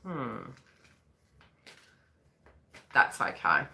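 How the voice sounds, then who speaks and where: Lively bright-voiced woman giving a reading. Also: very deep voice, extremely slow, gravelly. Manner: chatty, rambling, acts out quoted voices. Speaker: psychic reader. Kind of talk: live-stream reading.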